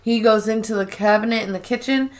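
A woman's voice: on the high side, fast talker. Chatty woman recapping a show. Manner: animated retelling, acting out characters' lines with laughs. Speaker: podcast co-host recapping a TV episode. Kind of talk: casual chat.

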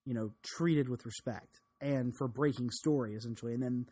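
A man's voice: mid-range voice, normal speed, warm tone, slightly rough. A man co-hosting a podcast, chiming in casually with additions to the host's points. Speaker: podcast co-host. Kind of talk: casual chat.

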